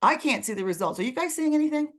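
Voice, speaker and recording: A woman's voice: high-pitched, lively intonation, fast. A woman hosting an online book club discussion over a video call, chatty and full of fillers.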